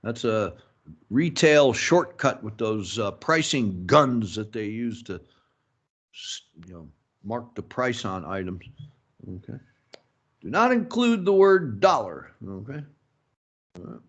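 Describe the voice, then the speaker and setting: A man teaching a business English lecture, slow and halting, filling pauses with "mm-hmm" and "okay" and adding opinionated asides. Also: mid-range voice, big pitch swings. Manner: slow, halting, many fillers and self-talk like "mm-hmm" and "okay". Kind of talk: recorded lecture.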